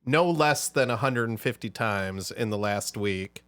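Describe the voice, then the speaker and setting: A man's voice: on the low side, measured pace, fairly bright tone, clean tone, no echo. A man talking casually on a podcast, making short, dry remarks about working on a song. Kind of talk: casual chat.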